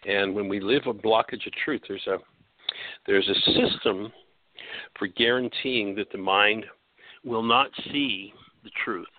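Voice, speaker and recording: A man's voice: lowish voice, a little slow, no room sound. A man hosting a radio talk show, lecturing in a teacherly way and posing rhetorical questions he then answers. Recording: tinny phone-like line, dry.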